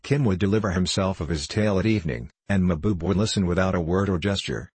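Male audiobook narrator, deep and husky, measured delivery. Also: a little mellow, no room sound. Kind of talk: scripted narration.

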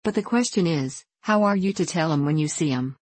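A woman's voice: fairly low pitch, animated, a little fast, a little mellow, no room sound. A woman reading an audiobook, voicing a boastful, bossy eldest boy with eager lines.

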